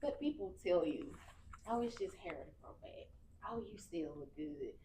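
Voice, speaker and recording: Brief: woman in her 30s, lowish voice, candid animated interview guest, faint room hum. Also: normal speed. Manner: candid, animated storyteller with colloquial speech. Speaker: guest, cancer survivor. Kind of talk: casual interview conversation.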